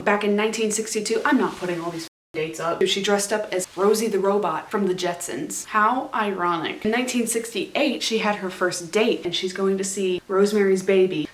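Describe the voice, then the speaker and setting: A woman's voice: mid-range voice, roomy sound, far from the mic, slight background noise. A young woman casually recapping a TV series; chatty, swears freely and acts out the lines. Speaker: YouTube host recapping a TV series.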